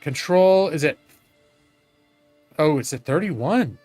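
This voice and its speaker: A man's voice: on the high side, lively intonation, slow pace, a little mellow, dry recording, soft background music. A man casually commenting while he plays a strategy game live, swearing now and then and talking to his chat. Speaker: streamer playing a strategy game.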